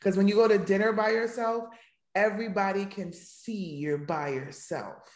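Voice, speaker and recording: A woman's voice: mid-range voice, fairly even intonation, normal speed, darkish tone, roomy sound. A woman who is a guest on a podcast, chatting casually with a playful, joking, slangy manner. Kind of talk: casual chat.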